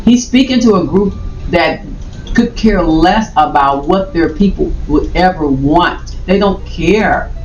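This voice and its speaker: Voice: mid-range voice, slow, darkish tone, highs cut off. A video commentator reacting to a clip, talking in a rambling, emphatic way and repeating phrases. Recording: roomy, distant mic, faint noise.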